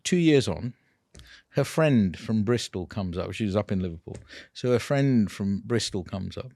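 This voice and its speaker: A man, a dental implant clinician telling a patient story in a casual, animated way, laughing often. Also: on the low side, normal speed, no echo, clean studio sound.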